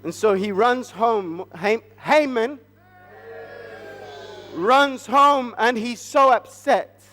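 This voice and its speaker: A man with a notably high voice leads a church family service through a story, drawing it out slowly and coaxing the children with questions. His words echo with long reverb across a large church hall. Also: bright, forceful tone. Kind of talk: interactive retelling of a Bible story.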